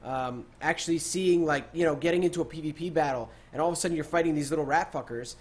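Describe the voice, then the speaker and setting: This young man speaks fast in a fairly high voice as he hosts a laid-back gaming podcast. He keeps breaking into laughter and leans heavily on fillers while excitedly telling stories.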